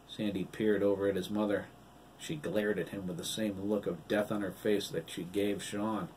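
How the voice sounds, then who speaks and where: A man, the author, reading his novel aloud as an audiobook in a measured, even storytelling manner. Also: deep voice. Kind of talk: audiobook narration. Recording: distant mic, faint hiss.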